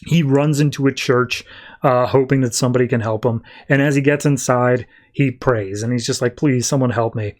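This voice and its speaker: A man's voice: medium pitch, steady tone, moderate pace. A man hosting a podcast, casually retelling a comic's story and acting out the characters' lines along the way. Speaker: podcast host.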